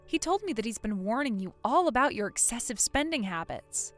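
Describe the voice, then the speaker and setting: A woman's voice: on the high side, lively intonation, brisk, faint music behind, lightly acted. A woman voicing a cold, furious young wife who scolds her sister-in-law without mercy. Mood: stern. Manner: stern, scolding, unforgiving.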